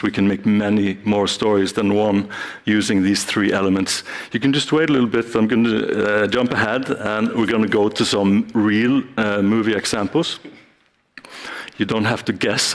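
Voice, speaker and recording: A man giving a live talk on stage, playfully acting out short scenes with volunteers from the audience. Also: fairly low pitch. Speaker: speaker.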